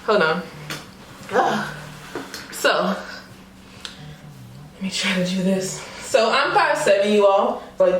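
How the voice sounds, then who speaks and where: A young woman unboxing a wig for her vlog, excited and laughing, talking casually with lots of slang and fillers. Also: on the high side. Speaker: beauty vlogger. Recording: roomy echo.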